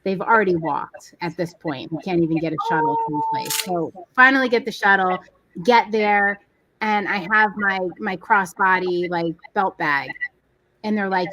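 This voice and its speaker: A woman in her forties co-hosting a casual live chat, telling a family story with lively play-acting of the people in it. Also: medium pitch, moderate pace, dry recording. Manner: animated storytelling, acts out quoted people. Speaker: co-host.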